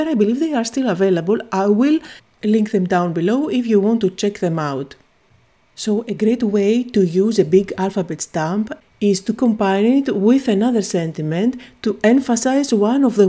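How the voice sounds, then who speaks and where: Woman, craft tutorial voice-over, dark mellow tone, calm and methodical. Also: medium pitch. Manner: calm step-by-step explaining. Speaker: card-making video host.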